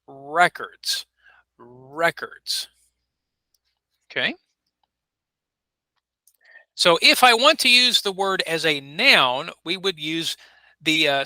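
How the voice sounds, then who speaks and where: A man's voice: high-pitched, bright, forceful tone, dry recording, poor audio. A man teaching an online English class, patiently modeling pronunciation. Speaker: ESL teacher. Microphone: video call.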